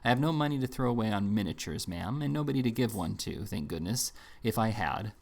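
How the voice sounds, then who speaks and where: A man reading as a curt, stern older gentleman. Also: fairly low pitch, lively intonation, fairly quick, gravelly. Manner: curt and cold. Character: blunt, stern older male moneyed relative. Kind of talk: audiobook reading.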